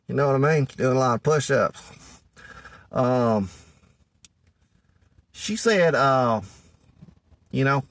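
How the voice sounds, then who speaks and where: A man's voice: mid-range voice, takes it slowly, long pauses, no echo, natural voice. A man playing a folksy Southern good ol' boy with a Southern US accent, rambling through dating advice in a comedic monologue. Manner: rambling, folksy, full of "you know".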